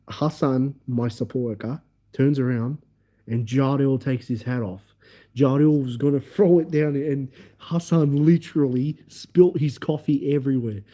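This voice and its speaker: A man's voice: mid-range voice, mellow. A man telling a long story on a livestream, rambling and restarting his phrases as he goes. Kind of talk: casual storytelling. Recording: dull lo-fi audio.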